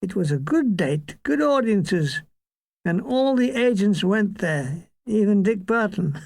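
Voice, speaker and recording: An older man from Ireland, his high-pitched voice a little mellow and touched with vocal fry, reads his own war memoir with no room sound. The narration is dryly comic, peppered with quick asides and mock voices.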